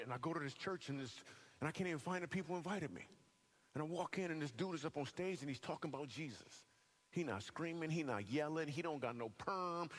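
A man from Michigan, a comedian, telling a funny personal testimony to a church audience and acting out other people's voices. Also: a little high. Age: adult. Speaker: comedian and guest speaker. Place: church hall with a live audience.

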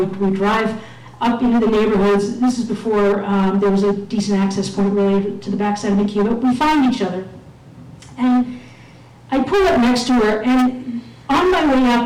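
A woman's voice: medium pitch, darkish tone. A woman telling a self-mocking personal story to an audience, sometimes acting out the voices of others. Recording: echoey room, mic at a distance.

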